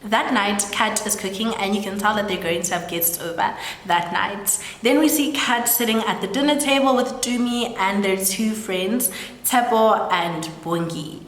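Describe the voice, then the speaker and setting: A woman's voice: medium pitch, moderate pace. A young woman casually recapping a film, chatty and full of fillers. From South Africa. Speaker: storyteller. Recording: echoey room, long reverb.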